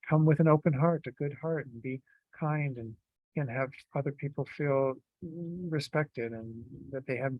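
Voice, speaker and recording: A man giving a Buddhist teaching in a relaxed, conversational way, with frequent fillers and restarts. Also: a little high, dry recording, dull audio. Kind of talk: dharma talk.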